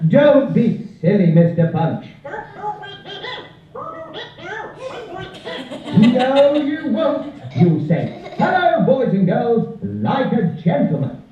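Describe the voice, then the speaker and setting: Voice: high-pitched, very animated, slow pace, heavily acted. A cheery clown host, voiced by a puppeteer, teasing the crowd with a wildly swooping sing-song voice. The sound is distant, echoey and muffled, with a crowd of children chattering close by. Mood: scolding. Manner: playful, teasing, sing-song audience banter.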